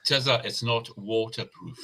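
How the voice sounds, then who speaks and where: A man's voice: mid-range voice, moderate pace, vocal fry, pushed and bright. A man giving short, blunt, teasing replies in casual chat. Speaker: gamer chatting with friends.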